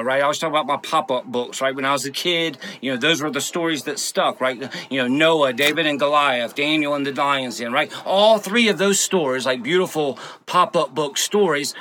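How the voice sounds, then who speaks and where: Male preacher, bright edgy tone, constant "right?" check-ins, shifts from emphatic stresses to hushed lines. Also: sits high. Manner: frequent "right?" tag questions, swings between loud emphasis and soft near-whispers. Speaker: pastor. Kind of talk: sermon.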